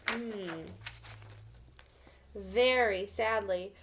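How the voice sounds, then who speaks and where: A woman reading a storybook aloud to children as a teacher, gently pausing to ask them questions. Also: medium pitch, noisy background.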